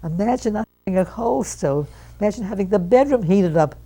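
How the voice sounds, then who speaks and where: A woman of one hundred telling stories from her life in an interview, animated and acting out the voices of her relatives. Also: medium pitch, brisk, husky, low-quality recording. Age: 100. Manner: animated storyteller who acts out quoted relatives. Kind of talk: reminiscing storytelling.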